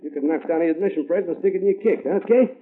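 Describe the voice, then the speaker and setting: A man's voice: high-pitched, fast talker, a little hiss or hum, lightly acted. An actor playing a pushy, slangy male talent agent in a 1950s radio drama. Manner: brash slangy New York patter. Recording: tinny old radio broadcast.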